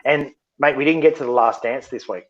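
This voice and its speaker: A man's voice: medium pitch, fairly quick, dull audio. Sweary blunt podcast man. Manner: blunt, sweary, animated storytelling. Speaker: podcast co-host. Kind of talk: casual podcast chat.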